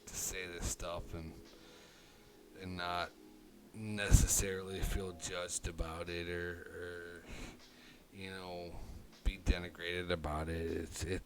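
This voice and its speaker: A man streaming alone, talking through his thoughts in a rambling, halting way, often swearing and putting on a southern drawl. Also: sits low, flat delivery, noisy background. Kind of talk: casual live-stream monologue. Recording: loud music behind the voice.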